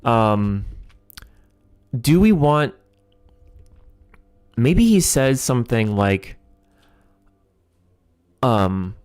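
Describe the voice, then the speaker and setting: A man's voice: medium pitch, animated, drawn-out words, long pauses, a little mellow, smooth, no echo, clean studio sound. A man hosting a livestream, thinking aloud while writing a comedy sketch, hesitant with many ums and chuckling as he reads lines aloud.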